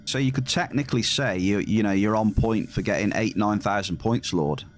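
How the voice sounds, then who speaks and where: An English-accented man with a lowish voice chats casually at a normal speed with his live-stream viewers. He reads their messages aloud and cheers at big hits while game music plays behind him.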